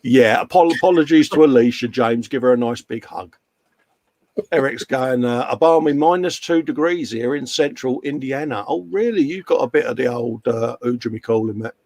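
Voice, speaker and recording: Reading viewer messages aloud, a man co-hosting a live model-building stream keeps things jokey and full of banter. He speaks at normal speed in a mid-range, darkish voice, recorded without echo.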